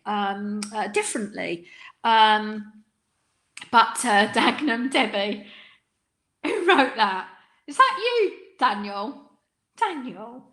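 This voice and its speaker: A woman's voice: on the high side, a bit bright. A middle-aged woman from the East End of London with a light London accent, coaching salon owners in a live webinar, chatty, with frequent ums and tag questions like "right?". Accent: London, Cockney undertone.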